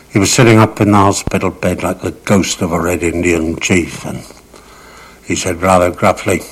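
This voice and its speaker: A man's voice: sits low, breathy edge, poor audio. An older man recalling cricket memories in a vivid, dramatic storytelling manner, lingering on words for emphasis. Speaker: cricket raconteur. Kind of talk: anecdotal reminiscence.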